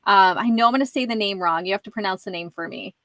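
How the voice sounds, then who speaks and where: A woman's voice: medium pitch, quick pace, fairly bright tone. A woman hosting a casual podcast interview. She is chatty and often laughs between phrases. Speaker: podcast host.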